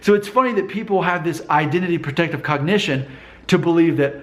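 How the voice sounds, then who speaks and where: A man delivering a casual vlog monologue straight to the camera. His voice sits a little high for a man, and he presses his points hard, circling back and repeating himself for emphasis. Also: quick pace, fairly bright tone. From United States. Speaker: vlogger.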